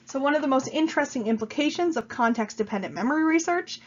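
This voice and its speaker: Talking fast in a high, expressive voice, a female college instructor explains material in a recorded online lecture, using plenty of fillers. A cold leaves her slightly congested, and the audio is dull and lo-fi.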